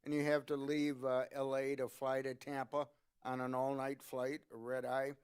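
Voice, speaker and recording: A man's voice: medium pitch, completely flat delivery, moderate pace, darkish tone, clean tone. A man leads an interview at a book event, casually setting up stories and asking questions. His voice sits in an ordinary middle range. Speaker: interviewer, co-author. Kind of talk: conversational interview.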